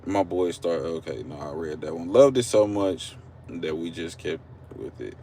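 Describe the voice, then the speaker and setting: His deep, mellow voice moves at a moderate pace, with slight background noise. He's a country-accented Oklahoman streaming casually from his car at a drive-thru via phone camera, rambling and joking with viewers.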